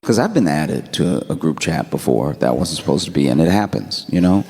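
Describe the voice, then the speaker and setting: Deep-voiced man doing laid-back stand-up. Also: fairly quick, very noisy. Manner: laid-back, deadpan storytelling with bursts of audience laughter. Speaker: stand-up comedian. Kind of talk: stand-up storytelling.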